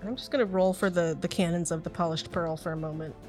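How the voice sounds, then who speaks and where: A woman narrating as game master of a tabletop game, lively and quick to laugh. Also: lowish voice, faint music behind. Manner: lively, laughs often, voices characters.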